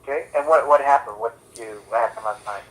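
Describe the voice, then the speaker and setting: A man's voice: medium pitch, fast. A man answering as a corporate phone representative, hesitant and careful with many fillers, heard through a phone line. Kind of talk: customer service call.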